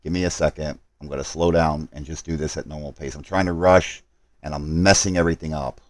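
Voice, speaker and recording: A man's voice: rumbling low, fairly even intonation, a little fast, no room sound. A man live streaming a game, talking to his chat while he hurries through setup and apologizes for his mistakes.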